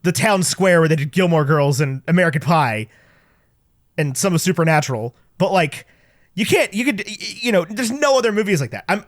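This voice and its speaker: High-pitched guy on a movie podcast, super animated, trips over his words, dry close mic. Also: no room sound. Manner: animated, stumbling restarts, quotes people in voices. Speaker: podcast co-host. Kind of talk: casual movie chat.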